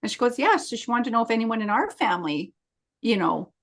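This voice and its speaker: A woman's voice: a little high, fast. A middle-aged woman co-hosting a podcast, telling a story in casual chat and acting out the quoted lines of others. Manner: chatty, acts out quoted dialogue. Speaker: podcast co-host.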